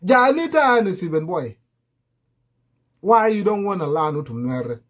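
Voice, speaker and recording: A man's voice: high voice, sing-song, a little slow. A man giving impassioned political commentary, repeating his warnings.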